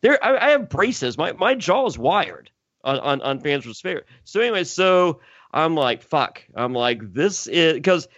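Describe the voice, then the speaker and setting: A man in his thirties tells a casual story, stammering over his words and swearing freely with a self-mocking edge. His voice sits a little high for a man. The sound is dull and lo-fi, with a close, dry feel. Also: sing-song, a little slow, a bit bright, no echo. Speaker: podcast host and former reality contestant.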